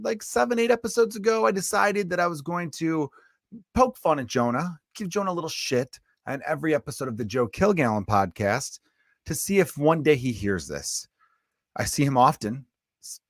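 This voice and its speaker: A man's voice: medium pitch, expressive, brisk, no room sound, clean studio sound. A man hosting his own podcast, a stand-up comedian ranting casually and bluntly, swearing freely, with a lingering cough. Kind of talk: casual profane rant.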